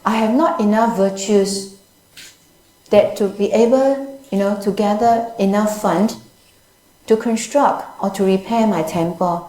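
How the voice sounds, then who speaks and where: A woman voicing a meek elderly male monk who speaks softly and haltingly in a story within her Buddhist talk. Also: medium pitch, reverberant, lightly acted, low-quality recording. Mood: earnest. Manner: soft, halting speech with fillers.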